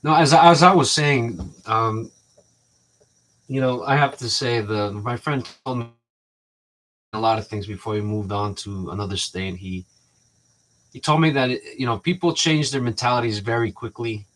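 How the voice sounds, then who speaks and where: A man chats to his viewers in a loose, meandering way, tripping over his own starts and circling back to points. His voice sits in an ordinary middle pitch. He slips into the voices of people he is describing. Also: normal speed, fairly bright tone. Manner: rambling, restarts often, acts out quoted exchanges. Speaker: vlogger. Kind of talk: rambling casual monologue.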